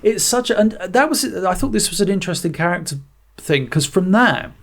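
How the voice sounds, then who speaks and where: Gravelly, higher-voiced man reviewing a film. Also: fairly quick. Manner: rambling, many restarts and fillers; animated retelling of scenes. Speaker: podcast co-host. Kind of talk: casual film review chat.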